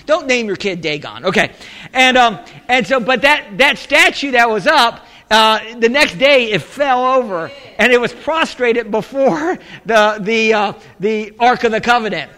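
A pastor with a very high, bright voice rambles through a sermon story, chuckling at himself and breaking into loud shouted exclamations. His voice rings out with a long reverb in a big church hall. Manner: rambling storytelling with laughs and asides.

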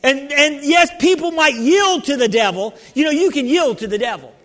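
Male preacher, very high voice, fervent and call-and-response, long hall reverb. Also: lively intonation, normal speed, fairly bright tone. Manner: fervent, calls out to the congregation. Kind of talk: sermon.

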